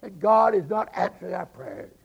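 A man telling a sermon story and briefly voicing an indignant churchgoing woman in his own gravelly, husky voice. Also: high-pitched, expressive, normal speed, highs cut off, full character voice. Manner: emphatic, listing grievances. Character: indignant churchgoing woman, frustrated with unanswered prayer.

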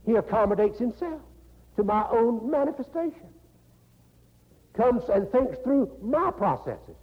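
Older male pastor, North Carolina accent, folksy sermon style; high, lively pitch, raspy gravel, lo-fi hall sound. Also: a little slow. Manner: folksy, laughing, animated preaching with repeated "you know". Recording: dull lo-fi recording in a reverberant hall.

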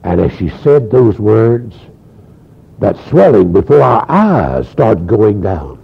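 A man preaching a sermon, telling a healing story with animated delivery and frequent stammered repeats. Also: on the low side, slow, creaky, slightly rough. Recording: dull lo-fi sound.

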